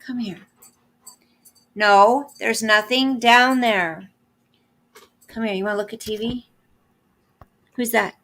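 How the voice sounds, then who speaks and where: A woman's voice: on the high side, fairly even intonation, takes it slowly, pauses often, fairly bright tone. An older woman hosting a casual live stream, talking playfully to her dog and laughing often.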